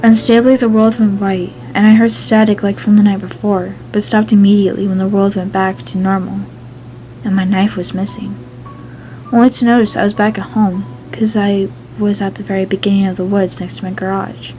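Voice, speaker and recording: A woman reads a story aloud at an ordinary pitch, now and then stumbling over a word. Soft music runs behind her. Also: little pitch movement, brisk, low-quality recording. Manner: plain reading, with some stumbles. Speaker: fan fiction reader.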